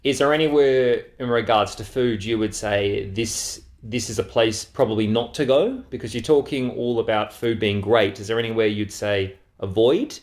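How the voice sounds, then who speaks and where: A man co-hosting a casual podcast chat, joking and firing questions at his partner. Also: lowish voice. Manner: joking, quizzes his co-host and throws in quick interjections. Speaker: podcast co-host.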